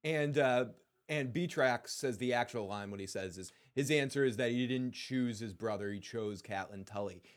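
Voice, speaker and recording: A male podcast co-host in casual chat, swearing freely and slipping into quick impressions of the characters he talks about. His voice sits in a middle range, neither high nor low. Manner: animated, profane, acts out quotes.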